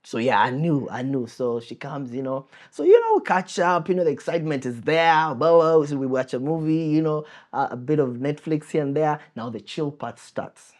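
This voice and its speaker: Brief: young male podcast co-host, lively storyteller, swooping pitch. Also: moderate pace, few pauses. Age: young adult. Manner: animated, laughing, acts out scenes with sound effects. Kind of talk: casual storytelling chat.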